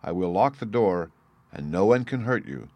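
A kind, capable she-cat from a fairy tale speaks calm reassurance, read by a man with a low voice. The tone stays steady and gentle with no strain. The sound is dry and close. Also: normal speed, no echo. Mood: reassuring.

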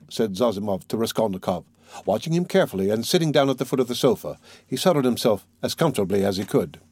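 A man's voice: fairly low pitch, expressive, fast talker, a little mellow, husky, no room sound. Man reading a classic novel aloud. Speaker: audiobook narrator. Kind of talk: audiobook narration of a classic novel.

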